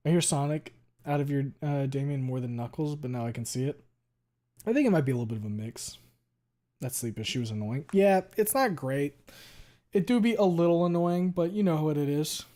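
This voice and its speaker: A male streamer chatting casually with viewers, talking quickly and running words together, with a lot of swearing. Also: medium pitch, animated, mellow. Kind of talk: casual chat reading viewer messages.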